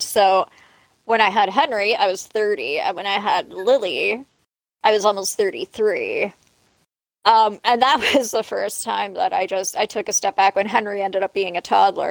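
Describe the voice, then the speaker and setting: A woman's voice: medium pitch, creaky, dry recording, low-quality recording. A woman in her late thirties co-hosting a casual podcast chat, talking candidly and conversationally. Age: 30s. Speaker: podcast co-host.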